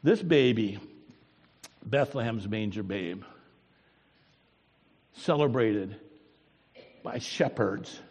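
Husky pastor preaching in a reverberant church. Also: male voice, animated. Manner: dramatic swings from booming to hushed, drawn-out emphasis. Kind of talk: sermon. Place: church sanctuary. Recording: long hall reverb.

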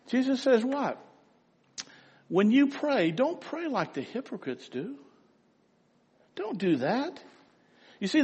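An older man preaching in a reverberant church hall, his fairly high voice carrying a long echo. He tells stories in a sermon style, swinging from loud, emphatic passages to quiet, hushed asides. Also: husky. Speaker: pastor.

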